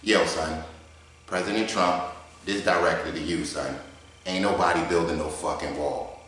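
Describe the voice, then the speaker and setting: In an echoey garage, a man voices a cocky, brash male debater full of swagger, heavy street slang, and nonstop swearing. His voice is low and fairly bright, with a steady tone and normal speed.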